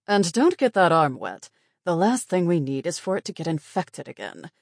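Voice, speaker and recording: A woman reading an audiobook, voicing a stern middle-aged night nurse who speaks curtly and with clear disapproval. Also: sits low, big pitch swings, moderate pace, darkish tone, no room sound, clean studio sound, exaggerated voice. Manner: disapproving, curt.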